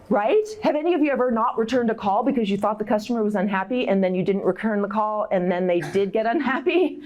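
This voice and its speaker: A middle-aged woman speaks to a conference audience in a workshop talk. She is direct and encouraging and laughs easily. Her voice sits at a middle pitch but leaps upward when she acts out anxious inner voices. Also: fairly quick, a little mellow. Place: conference room.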